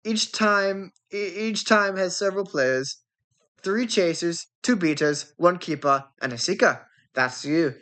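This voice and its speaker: A woman doing a keen young sports captain, lower and slow. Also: fairly bright tone. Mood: explaining. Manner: lower-pitched, explaining step by step.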